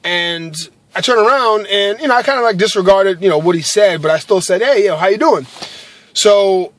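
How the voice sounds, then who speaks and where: A man's voice: sits high, moderate pace, a bit bright. A man telling a personal faith story to camera in earnest, casual chat, full of fillers and tag questions. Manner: earnest, with many fillers and repeated "right?". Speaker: vlogger sharing a faith story.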